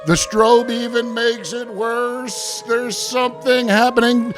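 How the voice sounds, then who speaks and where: A show host narrating a game in a joking, mock-panicked way, swearing often, stammering and repeating itself, later sliding into a gruff, bossy police-officer act. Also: medium pitch, fairly even intonation, takes it slowly, faint music behind. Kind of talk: profane, joking gameplay commentary.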